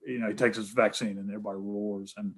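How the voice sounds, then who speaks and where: A man with a Tennessee Southern accent, a guest speaker taking questions over a video call in an earnest, halting way. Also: on the low side, flat delivery. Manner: many fillers and restarts, earnest. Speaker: guest speaker, healthcare association head.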